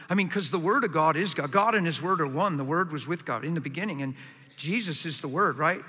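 High, bright-voiced impassioned male preacher. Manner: impassioned, swings from quiet to loud. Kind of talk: sermon. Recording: hall reverb.

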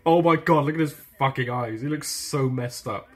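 A man's voice: mid-range voice, moderate pace, husky. A man giving gameplay commentary who swears constantly, laughs a lot and mocks what he sees. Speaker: gaming video host.

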